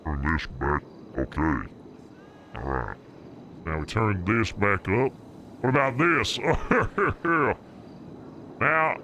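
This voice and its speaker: A man's voice: on the low side, sharp tone, slight background noise. A young man streaming, muttering to himself while he tests his voice settings. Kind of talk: casual livestream chat.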